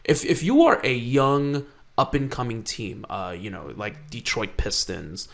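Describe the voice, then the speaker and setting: A man co-hosting a sports podcast, talking excitably in casual chat, often restarting and swearing. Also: mid-range voice, measured pace. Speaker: podcast co-host.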